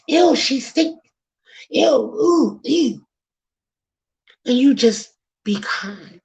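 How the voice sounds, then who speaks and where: A woman with a Bronx accent hosts a talk show, speaking with a fairly high voice. She takes her time, dropping her words like a sermon while talking straight to listeners in casual slang. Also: rough recording. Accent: New York (Bronx). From the Bronx, New York. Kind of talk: preachy talk-show monologue.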